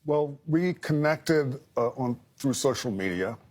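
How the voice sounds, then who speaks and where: A man, a correspondent interviewed live on air, speaking reflectively with halting phrases and fillers. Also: medium pitch, lively intonation, a little mellow.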